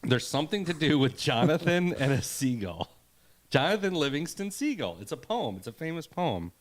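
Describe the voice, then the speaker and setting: A man's voice: a little high, big pitch swings, moderate pace. A man co-hosting a casual podcast, rambling and reading facts aloud with laughs. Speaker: podcast co-host. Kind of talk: casual chat.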